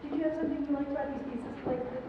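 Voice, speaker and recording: A woman's voice: sits high, steady tone, rapid-fire, a little hiss or hum. A middle-aged woman giving encouraging choral clinic feedback to a choir, asking the singers questions. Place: large performance hall. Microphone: distant room mic. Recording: echoey hall, distant mic, muffled.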